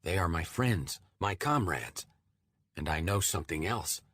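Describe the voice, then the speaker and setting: A man narrating a fantasy audiobook in a measured, steady first-person reading. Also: low voice.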